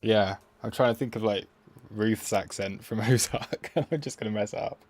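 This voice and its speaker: A man's voice: on the low side, normal speed, darkish tone, no room sound. A man hosting a casual live stream about crypto trading, rambling and self-mocking as he reads the chat aloud.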